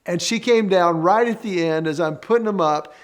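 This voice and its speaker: A man's voice: high-pitched, normal speed. A man presenting a faith-based marriage teaching session, earnest and conversational, telling stories and leading the audience through exercises.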